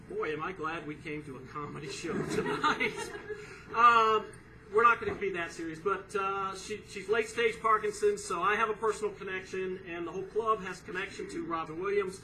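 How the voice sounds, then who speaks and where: A man opening a charity pun contest at a comedy club, explaining earnestly with many filler pauses. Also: sits high, sharp tone. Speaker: comedian and resident punster. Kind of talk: stand-up style introduction to a charity pun contest. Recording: distant room recording, faint noise.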